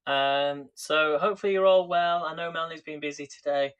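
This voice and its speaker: Man, cooking live stream, chatty, talks to viewers, fairly high voice, home kitchen, tripod camera. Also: fairly even intonation, a little fast, a bit bright, clear, resonant tone, dull audio. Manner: chatty, addresses viewers by name. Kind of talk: casual live-stream chat while cooking.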